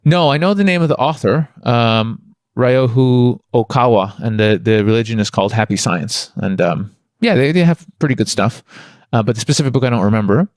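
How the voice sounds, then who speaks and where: Fast-talking man from Toronto. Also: medium pitch, no echo, clean studio sound. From Toronto, Canada. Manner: rambling, spiritual, candid. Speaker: podcast guest. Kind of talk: conversational storytelling.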